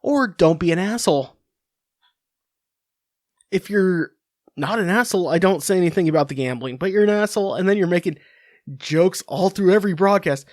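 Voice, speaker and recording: A man's voice: sits high, expressive, moderate pace, no room sound, studio quality. A man hosting a sports podcast, delivering a crude, sarcastic rant from his home office into a computer mic. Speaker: podcast host.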